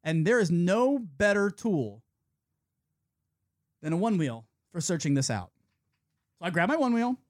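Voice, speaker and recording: A man's voice: sits high, moderate pace, pauses often. A young man hosting a talk show, telling a story casually with a lot of swearing and acted-out quotes. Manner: animated storyteller, lots of swearing and quoting others. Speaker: radio show host. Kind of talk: casual chat.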